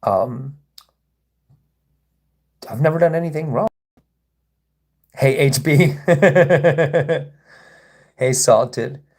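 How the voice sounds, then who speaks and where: A man's voice: a little high, extremely slow, pauses often, darkish tone. A man hosting a casual livestream, rambling and sarcastic as he reads and answers chat comments. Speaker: livestream host.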